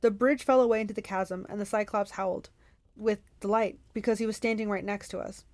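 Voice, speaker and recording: Woman, book club host, reading a novel aloud, expressive, quick self-corrections, mid pitch, dry sound. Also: no echo.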